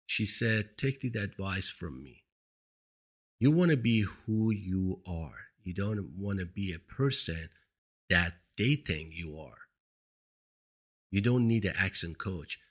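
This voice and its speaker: A man's voice: low voice, slow pace, a bit bright, husky. A man with a foreign accent, a non-native English speaker, giving an earnest, emphatic motivational monologue into a microphone as a talk show host. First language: not English. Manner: earnest, emphatic, repeats points for stress. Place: seated indoors. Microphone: studio microphone.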